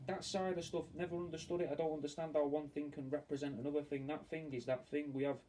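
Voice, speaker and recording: Talking fast in a slightly high, mellow voice with little pitch movement, a man meanders through casual chat and cusses freely while doing taxidermy work for fans. A distant mic catches faint background noise.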